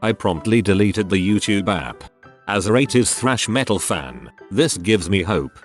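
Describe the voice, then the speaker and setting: A man narrating a string of short forum posts in a steady, even reading manner. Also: fairly low pitch, a little slow. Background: faint background music.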